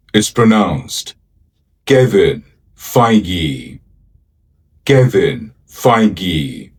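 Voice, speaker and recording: A man giving a pronunciation tutorial, saying a name slowly and deliberately, repeating it syllable by syllable. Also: sits low, slightly rough, distant mic.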